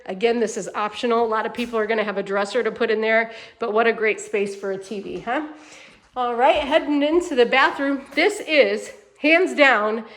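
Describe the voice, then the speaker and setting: Her voice is fairly high and a bit bright as she hosts a walkthrough tour of a manufactured home, selling it. She chats upbeat and directly to viewers, though she sounds tired after a long day.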